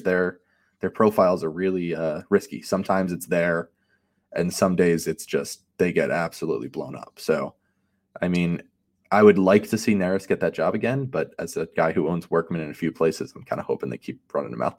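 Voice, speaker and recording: Deep-voiced man breaking down baseball stats. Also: moderate pace. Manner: relaxed and analytical, with many fillers like um and you know. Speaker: podcast co-host and fantasy analyst. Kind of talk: casual sports chat.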